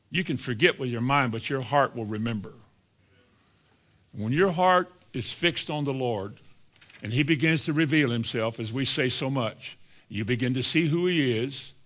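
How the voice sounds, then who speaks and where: A male preacher delivering a sermon to his congregation, drawing out scripture quotes slowly and swinging from quiet to emphatic. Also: mid-range voice. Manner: addresses the congregation directly, swinging from soft to emphatic. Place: church in front of a congregation.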